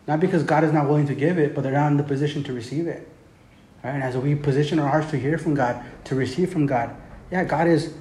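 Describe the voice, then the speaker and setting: Male preacher, casual sermon delivery, mellow tone, echoey room. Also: a little high, a little hiss or hum. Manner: conversational preaching, frequent "man" and "right?". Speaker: pastor. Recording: roomy echo with faint ambience.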